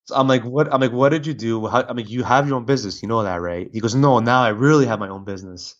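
Man, podcast guest, animated storyteller, dull lo-fi recording. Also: mid-range voice, fast talker. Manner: animated storytelling with many restarts. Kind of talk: casual chat. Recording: dull lo-fi audio.

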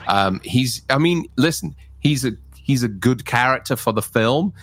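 A man's voice: medium pitch, lively intonation, moderate pace, a bit bright, faint music behind. A man co-hosting a casual film discussion, enthusiastic and full of fillers. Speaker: co-host.

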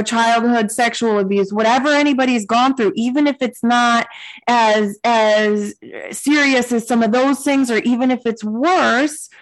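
A woman in her forties hosts a podcast interview. She speaks in a casual, earnest and encouraging way. Her voice is somewhat high. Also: rough recording. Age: 40s. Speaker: podcast host.

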